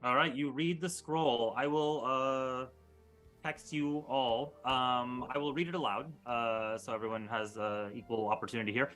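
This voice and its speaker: Bright-voiced male game master. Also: medium pitch, steady tone, measured pace, soft background music. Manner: casual, filler-heavy. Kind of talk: narrating a tabletop game.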